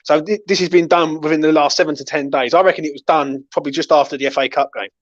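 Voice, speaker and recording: A man hosting a casual football chat, blunt and animated, swearing freely. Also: a little high, fast, no echo. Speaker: podcast host. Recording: dull, dry lo-fi audio.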